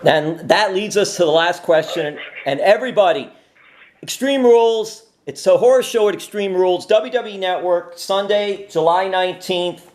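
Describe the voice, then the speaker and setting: An upbeat male interview host with a high voice, chatty and quick to laugh. He keeps the conversation friendly and moving. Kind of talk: casual interview.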